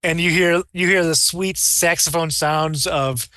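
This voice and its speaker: A man narrating as game master of a tabletop game, rambling and animated, slipping into character voices. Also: on the high side, a little slow, no room sound, clean studio sound.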